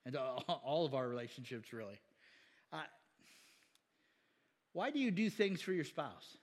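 A man preaching a sermon in an animated, chatty way, laughing often and voicing quoted people. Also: mid-range voice, unhurried, big-room sound.

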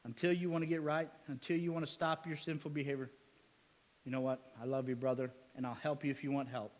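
A male pastor preaching a sermon in a lively way, asking "amen?" and chuckling with the congregation. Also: medium pitch, fast, big-room sound.

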